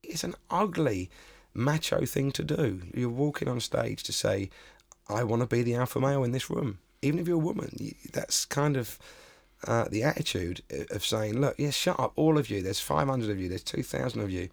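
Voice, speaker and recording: A male comedian talking in a sardonic, emphatic way, his gravelly voice sitting mid-range. The sound is dry and close. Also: mid-range voice, expressive, normal speed, dry recording. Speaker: comedian, interviewee. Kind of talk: animated anecdote.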